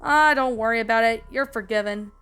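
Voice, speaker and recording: A woman's voice: fairly high pitch, brisk, a bit bright, clean tone, lightly acted. A woman voicing a street-smart male dog who leads his gang. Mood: reassuring.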